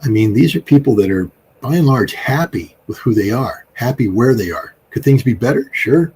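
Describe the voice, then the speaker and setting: A man's voice: medium pitch, lively intonation, normal speed, darkish tone, breathy edge, low-quality recording. An American man in his sixties, speaking as an interview guest in a rambling, emphatic way with frequent fillers. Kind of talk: casual interview talk.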